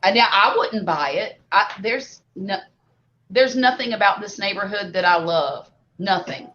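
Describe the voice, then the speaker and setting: A woman's voice: mid-range voice, measured pace, sharp tone. A woman in a casual chat, speaking bluntly and with emphasis. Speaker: co-host. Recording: dull audio with faint background noise.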